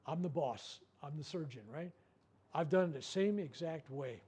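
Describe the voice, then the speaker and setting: An older man giving a workshop talk, telling a personal story with lively acted-out quotes and repeated words. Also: fairly high pitch, normal speed, husky. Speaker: workshop speaker. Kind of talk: storytelling talk to a live group.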